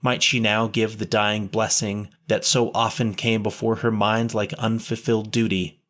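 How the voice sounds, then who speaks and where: A man reading a historical memoir aloud in a measured, plain storytelling way. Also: lowish voice, flat delivery, a bit bright. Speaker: audiobook narrator.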